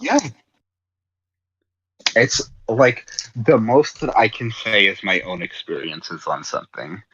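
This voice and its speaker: A very deep-voiced American man with a husky, breathy edge rambles through a casual livestream chat, padding every thought with "like". The audio is dull and lo-fi. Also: very animated, takes it slowly, a bit bright. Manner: rambling, heavy use of "like" and restarts.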